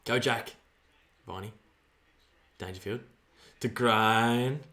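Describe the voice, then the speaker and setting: An Australian man giving live fan commentary on a football match, excitable, shouting player names and dropping to mutters. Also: medium pitch, slow pace. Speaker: fan streamer.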